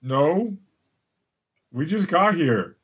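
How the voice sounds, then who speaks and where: A man game master voicing a dim, naive male ogre who asks slow, puzzled, childlike questions in a tabletop role-play. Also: on the high side, expressive, breathy edge, pitched above the performer's own voice, heavily acted. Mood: confused, naive.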